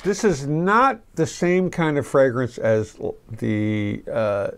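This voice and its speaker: A middle-aged man gives a casual, rambling fragrance review to camera, relaxed and constantly restarting his sentences. He speaks at a medium pitch and takes his time.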